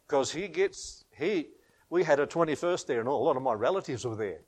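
A man's voice: a little high, expressive, a little slow, pauses often, a little mellow, a little hiss or hum. A man preaching a sermon, chuckling often and rising and falling for emphasis.

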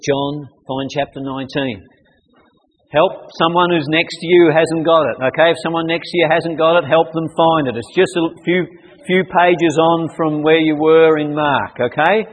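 High-voiced male preacher in a reverberant hall. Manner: animated, acts out cries with sudden loud high bursts. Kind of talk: sermon to young people.

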